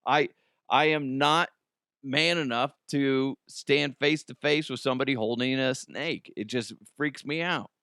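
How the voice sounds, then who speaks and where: A man's voice: mid-range voice, a little slow, pushed and bright, smooth, no echo, clean studio sound. An American man in his thirties hosting a comedy news show, chatting casually, swearing and laughing at his own jokes. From United States.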